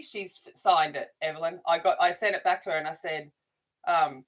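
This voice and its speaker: A woman's voice: on the low side, normal speed. A middle-aged woman chatting casually while colouring, rambling along with frequent restarts. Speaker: adult colouring channel host.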